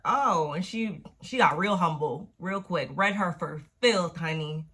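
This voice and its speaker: A woman recapping a TV episode in a casual, slangy, profane way, with animated retellings. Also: lowish voice, unhurried, few pauses, husky. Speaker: TV recap vlogger.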